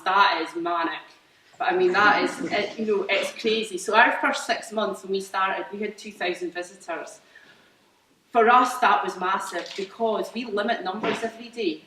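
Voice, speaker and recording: A woman's voice: mid-range voice, sharp tone, slight background noise. Scottish woman, farmer, informal presentation, enthusiastic and rambling, echoey hall. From Scotland. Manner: chatty and enthusiastic, with many fillers and restarts. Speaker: farmer speaking about her agritourism business. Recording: roomy hall, mic at a distance.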